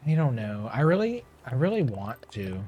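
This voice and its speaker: A young man streaming a game, chatting casually and rambling to himself, his voice a little hoarse and often clearing his throat. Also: medium pitch, darkish tone, lo-fi sound. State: slightly hoarse. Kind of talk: casual gameplay chat.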